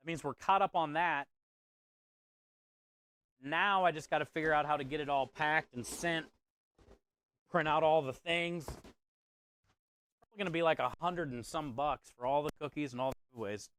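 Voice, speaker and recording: A man with a clear, resonant, fairly bright voice on the high side speaks at a moderate pace, leaving long pauses. Hosting a live cooking stream from a kitchen or food truck, he reads viewer comments aloud and chats in a laid-back, friendly way, calling people "bro" and "dude."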